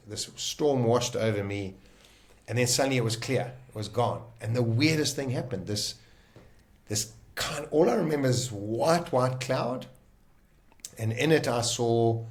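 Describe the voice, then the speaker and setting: A man telling his own survival story in casual talk, vivid and emotional, often pausing and restarting. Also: lowish voice.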